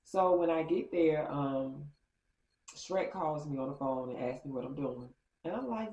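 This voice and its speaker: A woman vlogger telling a story in a casual, animated way, acting out quotes with big jumps in pitch. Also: unhurried, reverberant, muffled recording, a little hiss or hum.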